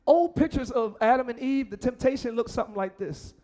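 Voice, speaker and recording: A man preaching a lively sermon as pastor, acting out voices and shouting lines for emphasis. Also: very high voice, brisk.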